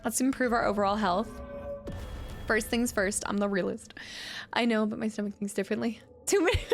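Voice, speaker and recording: A woman's voice: mid-range voice, creaky. A woman streamer chatting casually with viewers while playing a game, laughing often and thanking people for donations and follows. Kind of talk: casual live-stream chat while gaming.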